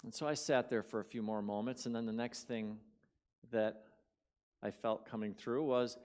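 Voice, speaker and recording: Animated man telling a sermon story. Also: mid-range voice, normal speed, clean tone. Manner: animated, swings between loud bursts and quiet drops; conversational, repeats words for emphasis. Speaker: guest speaker. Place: church sanctuary.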